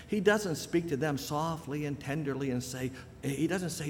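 A male pastor preaching a sermon with emphatic delivery, slowing down and rising on key phrases. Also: on the high side, very animated, big-room sound, slight background noise.

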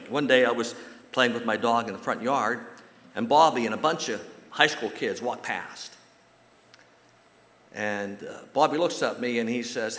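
A man's voice: mid-range voice, normal speed. Guy preaching, folksy storyteller, church echo all around. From United States. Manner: folksy storytelling, animated when quoting others. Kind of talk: sermon with a personal story. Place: church sanctuary. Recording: roomy echo with long hall reverb.

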